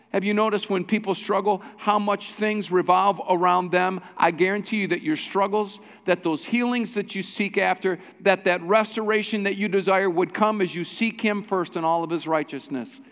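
A man's voice: sits high, normal speed, a bit bright. A male pastor preaching a sermon with urgent, exhorting repetition. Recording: long hall reverb.

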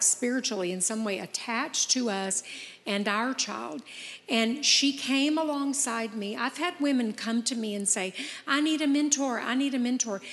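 A woman's voice: on the high side, fairly bright tone, in a large hall. A woman in her fifties, hosting a podcast, talking in an earnest, encouraging way and telling personal stories. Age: 50s. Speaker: podcast host. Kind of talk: casual heartfelt chat.

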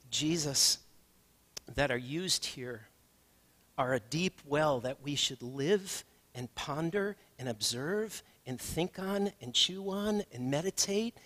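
A man's voice: medium pitch, fairly bright tone. A male pastor preaching a conversational sermon, building to emphatic questions.

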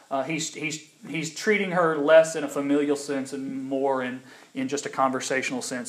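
A man's voice: a little high, fairly bright tone. A young man from the United States preaching a sermon in a conversational way, with frequent ums and restarts, building in intensity at key points. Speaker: pastor.

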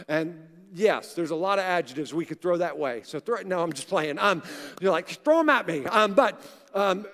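A man's voice: fairly high pitch, fairly bright tone. A man in his forties, a pastor preaching a sermon in a large church and telling personal stories in a conversational way, sometimes acting out the voices of people he quotes. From Oklahoma. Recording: live church sound with long hall reverb.

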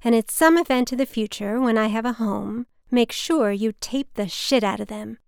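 Bossy theatrical older mother, put on by a woman, blunt and cursing, higher voice. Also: normal speed, creaky, a little mellow, smooth, no room sound, studio quality. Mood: gruff. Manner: bossy and theatrical, curses freely. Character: blunt, dramatic older mother leaving town.

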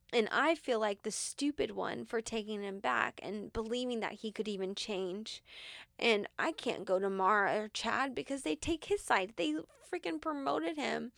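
Candid, earnest woman with a smooth voice. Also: fairly high pitch, no room sound, clean studio sound. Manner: earnest, candid, filler-heavy with many "like"s. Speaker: podcast guest. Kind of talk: emotional personal storytelling.

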